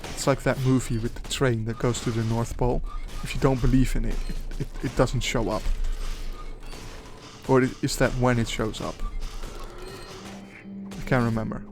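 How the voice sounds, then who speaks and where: A young man rambling and muttering to himself while playing a game, trailing off into quiet asides and swearing when things go wrong, with music behind him. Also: mid-range voice, steady tone, moderate pace, pauses often. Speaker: gaming channel host. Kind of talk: casual let's-play commentary. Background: background music.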